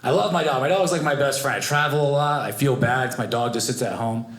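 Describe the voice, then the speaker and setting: A young man doing a stand-up comedy set, animated and acting out the people in his stories. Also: mid-range voice, fast talker. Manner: animated, acts out voices of family and strangers. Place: comedy club stage with live audience. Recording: echoey club room, noisy audience.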